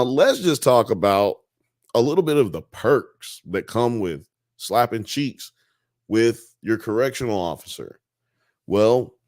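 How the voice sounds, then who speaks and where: A man hosting a casual live-stream talk show, animated, slangy and joking. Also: fairly low pitch, no room sound, clean studio sound. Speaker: podcast host.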